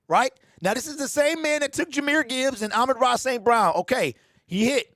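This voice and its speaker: A man hosting a casual fan livestream, animated and slangy, talking straight to his chat. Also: very high voice, moderate pace. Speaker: livestream host.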